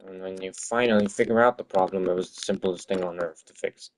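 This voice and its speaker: A man's voice: sits low, fairly even intonation, fairly quick, a little hiss or hum. A man streaming his game-development work, talking to himself in an exasperated, swearing rant. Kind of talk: livestream commentary while working.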